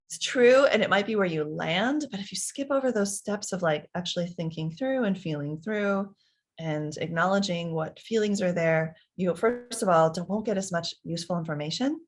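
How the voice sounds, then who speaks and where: A woman in her thirties giving parenting advice in a conversational way, acting out little dialogues between parent and child. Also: fairly low pitch. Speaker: parenting expert. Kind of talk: advice talk answering parents' questions.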